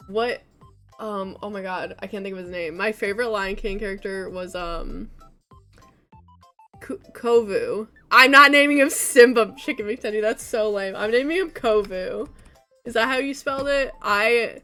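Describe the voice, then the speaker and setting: A woman's voice: mid-range voice, fairly bright tone. A young woman streaming a game, chatting casually with her chat and laughing often. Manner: chatty, giggly, talking to chat.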